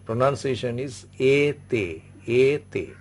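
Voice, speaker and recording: A man's voice: mid-range voice, expressive, takes it slowly, a little mellow, slight background noise. A man teaching an online French class, patiently repeating each word and example several times. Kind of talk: online language lesson.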